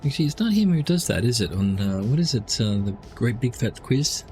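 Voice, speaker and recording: A man's voice: medium pitch, very animated, fairly quick, darkish tone, soft background music. A man giving casual, rambling commentary while streaming a driving game. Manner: rambling, chatty asides.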